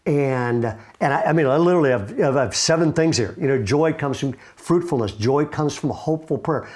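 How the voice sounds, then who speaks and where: A man's voice: medium pitch, darkish tone. Earnest middle-aged male pastor at home. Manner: earnest, conversational, with frequent restarts. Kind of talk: casual devotional talk to camera. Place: at home, seated with knee propped up.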